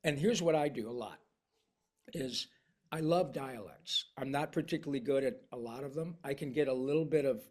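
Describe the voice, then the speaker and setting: A man talking as a voice actor in a casual interview, animated and slipping into voices to show his points. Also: medium pitch, normal speed. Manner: animated, slips into voices and dialects to demonstrate.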